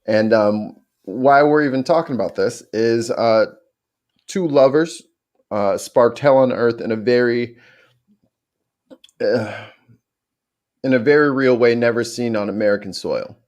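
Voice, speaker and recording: A man with an average-pitched voice co-hosting a podcast in loose, casual chat. He jokes and swears freely, ribbing his friends, then slips into an informal storyteller's tone to walk them through history. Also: unhurried, long pauses, darkish tone. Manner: joking, profane, trash-talking. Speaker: podcast co-host.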